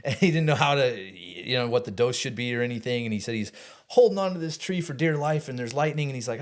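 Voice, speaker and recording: A man guest telling a long personal story in casual talk, animated, swearing and restarting often. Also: medium pitch, a little fast, hardly any pauses. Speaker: podcast guest.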